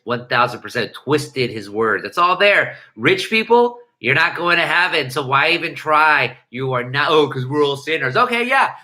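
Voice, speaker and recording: A man's voice: mid-range voice, sharp tone. A man hosting a livestream, chatting casually and irreverently with viewers, swearing often and rambling through restarts. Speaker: livestream host.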